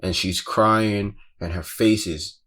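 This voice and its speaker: Male guest, lowish voice, casual profane storyteller, intense. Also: steady tone, takes it slowly, a bit bright. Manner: profane, slangy, keeps saying "bro"; intense, breathless retelling. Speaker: guest recounting a festival crowd crush.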